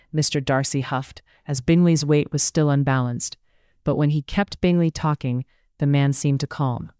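Smooth, dry audiobook narrator. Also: medium pitch, steady tone, moderate pace, a little mellow, no room sound. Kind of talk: scripted period-novel narration.

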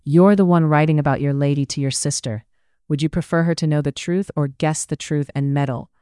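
A narrator voicing a jovial, teasing young gentleman cousin in a read-aloud story, with a smooth voice. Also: medium pitch, steady tone, a little fast, no room sound, clean studio sound, close to an everyday voice. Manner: mocking, playful. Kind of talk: audiobook character reading.

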